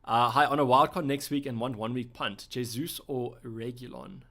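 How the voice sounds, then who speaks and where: A man's voice: medium pitch, normal speed, gravelly. A young man from South Africa hosting a live stream, chatting casually as he reads out viewer questions and thinks aloud. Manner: relaxed, thinking aloud with fillers. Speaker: livestream host.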